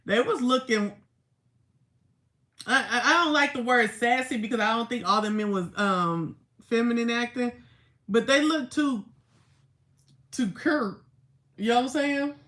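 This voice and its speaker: Chatty woman with a higher voice. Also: measured pace, long pauses, fairly bright tone. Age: 30s. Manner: chatty, laughing, talking back to chat. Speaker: livestreamer. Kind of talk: casual livestream chat with viewers. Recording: echoey room.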